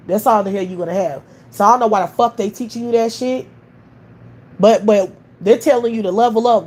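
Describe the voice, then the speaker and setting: A woman's voice: medium pitch, darkish tone. Woman livestream host; heated, profane rant; mid-range voice. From United States.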